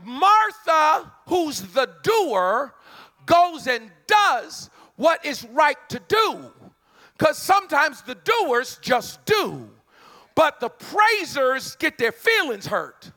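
A male preacher delivering a sermon, conversational and emphatic, hollering at peaks and dropping into quick asides. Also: very high-pitched, very animated, pushed and bright.

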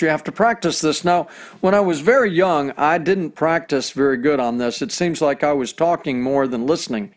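A middle-aged man preaching with earnest conviction, his voice sitting a little higher than most men's. He slows down deliberately whenever he reads scripture aloud. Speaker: pastor. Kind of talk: sermon.

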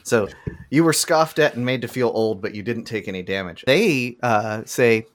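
A man running a tabletop game as game master, narrating in a relaxed way with chuckles. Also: mid-range voice, normal speed. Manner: relaxed, loose with fillers and chuckles.

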